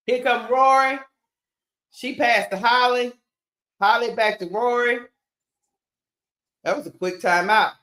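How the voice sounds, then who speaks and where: A woman hosting a live watch-party stream, calling a basketball game play by play in a casual, animated way and talking straight to her viewers. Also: a little high. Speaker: sports stream host. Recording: roomy echo.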